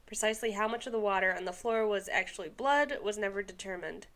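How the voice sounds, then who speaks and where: A woman's voice: medium pitch, fast talker, a bit bright. Young woman podcast co-host, mid-range voice, reads a story aloud with chatty asides. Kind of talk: casual podcast chat, reading a story aloud.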